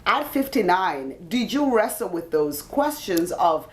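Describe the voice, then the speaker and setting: A woman's voice: lowish voice, very animated, a little slow. A woman host interviewing a guest, asking questions and murmuring short acknowledgments as the guest talks. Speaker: talk show host.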